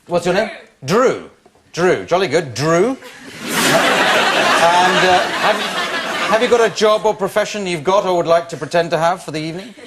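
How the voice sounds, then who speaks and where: A man's voice: high voice, expressive, normal speed, pauses often, over a noisy crowd, heavy background noise. A man hosting an improv comedy show, introducing games with wry, dry asides. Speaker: game show host. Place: TV studio with live audience. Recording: loud studio audience behind.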